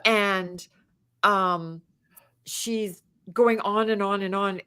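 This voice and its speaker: A middle-aged woman telling a story in casual chat, animated and acting out quotes with big jumps in pitch. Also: very slow, clean tone. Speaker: podcast guest.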